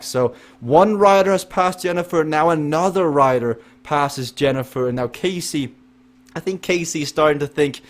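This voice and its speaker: A man giving lively, chatty live commentary on an esports race and joking with the chat. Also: on the high side. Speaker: race commentator and stream host.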